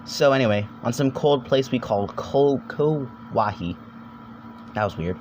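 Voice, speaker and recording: A man's voice: medium pitch, animated, darkish tone, dull audio. Young guy rambling thru a goofy video essay, jokey, swears a lot, bit of faint hiss behind. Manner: rambling, jokey, swears, quick silly voices. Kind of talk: casual comedic video essay narration.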